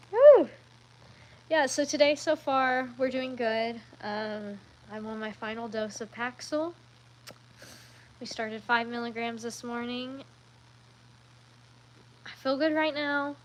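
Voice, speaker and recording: A woman's voice: a little high, steady tone, slow, long pauses, a little hiss or hum, poor audio. Chatty woman livestreaming, rambling. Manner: chatty and rambling, with frequent ums and self-corrections. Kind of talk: casual live-stream chat.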